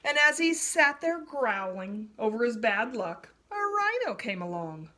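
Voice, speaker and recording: A woman reading a children's story aloud in an expressive, animated way. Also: fairly high pitch, unhurried.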